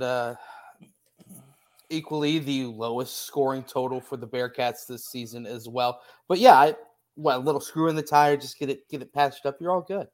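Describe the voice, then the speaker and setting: A man with a New Jersey accent hosting a casual sports podcast, upbeat and playful, working in sponsor plugs. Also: medium pitch. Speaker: podcast host.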